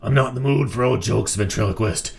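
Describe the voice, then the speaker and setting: A man's voice: fairly low pitch, a little fast, vocal fry. A man doing a grim, curt, exhausted vigilante. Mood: stern. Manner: curt, commanding.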